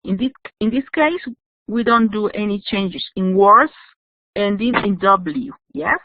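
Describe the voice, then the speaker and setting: A woman's voice: mid-range voice, animated, measured pace, slight background noise. A woman teaching English grammar in an online class, explaining patiently and checking in with "yes?". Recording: dry, tinny phone-like audio.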